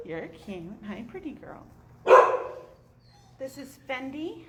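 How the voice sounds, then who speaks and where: A woman's voice: high-pitched, expressive, slow, slight background noise. A woman walking through an animal shelter, introducing adoptable dogs and cooing at them in baby talk. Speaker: animal shelter staff giving a walkthrough. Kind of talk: casual walkthrough talking to dogs and viewers. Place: echoey animal shelter kennel with barking dogs. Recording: echoey kennel, loud barking behind.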